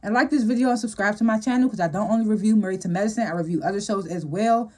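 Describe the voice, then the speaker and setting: A woman casually recapping a TV episode as a show reviewer, chatty and animated and laughing often. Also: medium pitch, rapid-fire.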